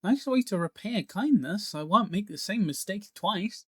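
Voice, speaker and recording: A man's voice: sits high, animated, normal speed, a bit bright, breathy edge, no echo, voice pushed up, heavily acted. A man voicing a cold, menacing male villain who speaks through a severed head with a sneering, taunting manner.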